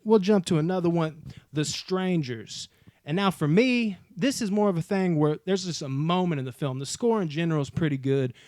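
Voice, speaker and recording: Man, movie vlog host, casual and enthusiastic, slangy and profane, slightly high voice, dry close sound. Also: no room sound. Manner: enthusiastic, slangy and profane, addresses viewers as y'all. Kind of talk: casual movie talk to viewers. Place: home movie room.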